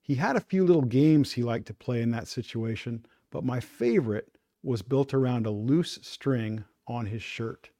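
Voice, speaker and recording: A man hosting a fishing talk show, delivering a scripted opening monologue in a measured storytelling cadence. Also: mid-range voice, animated, dark tone.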